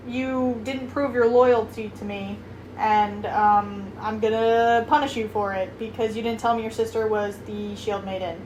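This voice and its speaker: A woman's voice: on the high side, echoey room, slight background noise, low-quality recording. A young woman co-hosting a book club, chatting casually, agreeing often and swearing freely while retelling scenes. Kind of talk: casual chat.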